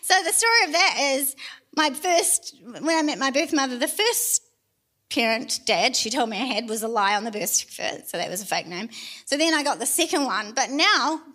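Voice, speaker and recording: Bright high-voiced New woman pastor. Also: expressive, normal speed. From New Zealand. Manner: chatty, self-deprecating, laughing asides. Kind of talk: personal testimony sermon.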